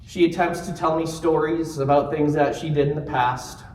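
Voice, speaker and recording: A man giving a keynote talk to a live audience, telling stories in an animated way and joking along the way. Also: fairly high pitch, moderate pace. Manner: animated storytelling with jokes. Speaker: keynote speaker. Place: conference room. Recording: roomy conference room sound.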